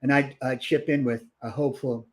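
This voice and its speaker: A man author on a panel, hesitant at first, then reading a short story aloud in a measured way over a video call. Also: medium pitch, steady tone.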